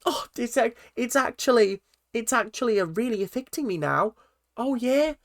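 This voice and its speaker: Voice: medium pitch, expressive, normal speed, voice pushed up, natural voice. A vlogger mimicking a man who overacts fake shock, gasping in exaggerated exclamations. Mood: mock distress. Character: dramatic man putting on fake tearful shock.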